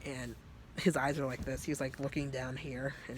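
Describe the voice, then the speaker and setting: A man's voice: medium pitch, fairly even intonation, unhurried, a bit bright, a little hiss or hum. A man telling a story in a casual, rambling way, full of fillers and swearing. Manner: rambling, filler-heavy and profane. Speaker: vlogger.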